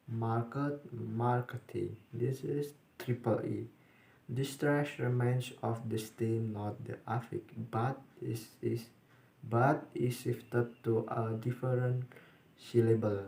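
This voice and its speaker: Flat, slow young man reading notes. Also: medium pitch, creaky. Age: young adult. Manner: flat, careful reading with restarts. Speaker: student presenter. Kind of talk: reading a class presentation. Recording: echoey room.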